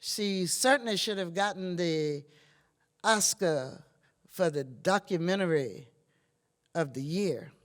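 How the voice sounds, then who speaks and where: An older woman from Virginia, a blues singer and guitarist, talking between songs in a wry, plainspoken, low-key storytelling manner with dry humor. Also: expressive, slow pace, pauses often. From Virginia, USA. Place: museum performance venue. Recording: reverberant live hall with guitar.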